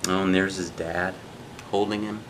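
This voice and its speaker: Father reading to kids, deep-ish, gentle, conversational asides, faint room hum. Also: fairly even intonation, normal speed. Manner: gentle, chatty, asks the listener questions. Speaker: father reading a picture book aloud. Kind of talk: children's read-aloud with casual asides.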